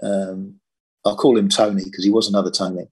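A man's voice: deep voice, level tone, a little fast, a little mellow, husky. An older man from Britain, a former police firearms officer, telling his story in a plain-spoken, matter-of-fact interview.

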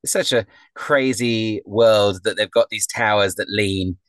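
A man's voice: on the low side, a little slow, a bit bright, dry recording. A man narrating as game master, describing scenes with many ums and uhs. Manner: descriptive with frequent fillers.

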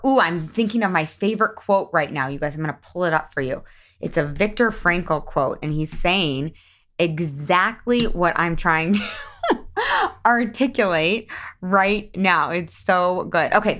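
A woman's voice: on the low side, a bit bright. A woman in her thirties hosting a podcast, talking casually and laughing often as she speaks straight to her listeners. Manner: chatty, laughs often, addresses listeners as you guys. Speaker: podcast host.

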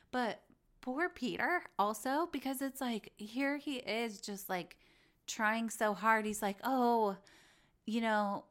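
A woman's voice: medium pitch, fairly bright tone, smooth. A young woman hosting a podcast, chatting casually and gushing about reality shows. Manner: gushing, chatty, acts out quoted voices. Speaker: podcast host.

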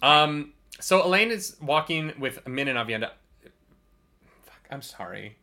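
Chatty woman cohosting a book podcast, crisp bright tone, lots of ums and swearing. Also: deep voice, expressive, unhurried. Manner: chatty, swears freely, trails off with fillers. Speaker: podcast co-host. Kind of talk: casual book club chat.

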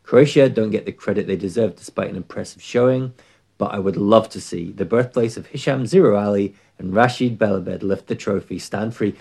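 A man's voice: fairly low pitch, fairly quick, creaky, a little mellow, husky. A man hosting a football podcast, introducing guests in a playful, mock-formal way. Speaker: podcast host. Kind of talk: casual podcast chat.

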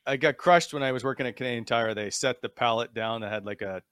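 Co-host, man, mid pitch, loose laughing banter, dry sound. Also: fast talker, fairly bright tone, clear, resonant tone, no room sound. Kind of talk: casual chat.

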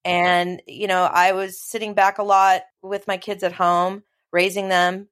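A middle-aged woman from Los Angeles talks casually as a guest. She is chatty and animated, at a middle pitch for a woman, and tells her stories with quick asides. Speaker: interview guest, film producer. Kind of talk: casual conversation.

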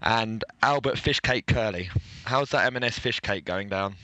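A man hosting a casual football podcast, a little croaky after bronchitis, rambling and laughing easily. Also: lowish voice, moderate pace, pushed and bright, no room sound. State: slightly croaky, recovering from bronchitis. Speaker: podcast host.

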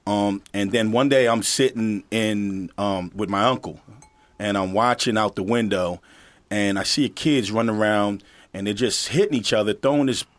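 A man's voice: fairly low pitch, no room sound. A middle-aged man from the Virgin Islands, co-hosting a podcast in casual chat, telling stories with laughter and acted-out quotes. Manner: storytelling, laughs often, acts out quotes. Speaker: podcast co-host, football coach.

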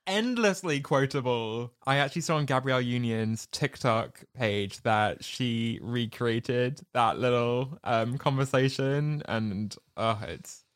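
A podcast co-host chatting casually, quick to chime in with enthusiastic reactions. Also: mid-range voice. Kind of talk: casual chat.

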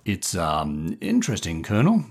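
A man's voice: low voice, huge pitch swings, moderate pace, gravelly, husky, exaggerated voice. A man voicing a younger male magazine writer who speaks politely while humouring his host. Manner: politely humouring, a bit mocking.

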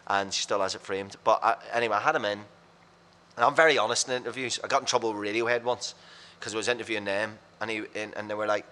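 Fast-talking bright-voiced man telling stories. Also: fairly low pitch, fairly even intonation. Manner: rapid, anecdotal, blunt and self-mocking. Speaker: radio presenter and podcast guest. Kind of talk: casual storytelling chat.

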